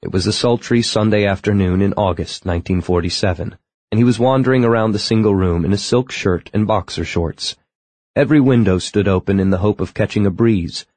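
A man reading an audiobook in measured, even scripted narration. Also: lowish voice, no echo.

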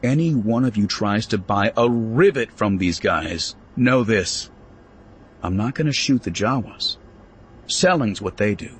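A man's voice: fairly low pitch, animated, unhurried, slight background noise. A man voicing a tough, stern woman who runs a frontier store, speaking in a raised, commanding voice.

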